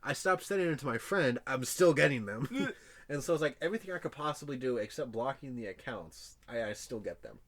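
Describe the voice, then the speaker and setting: Joking young man with a lively voice. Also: medium pitch, brisk. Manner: joking, laughs often, does silly voices. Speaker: podcast co-host. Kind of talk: casual chat. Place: bedroom.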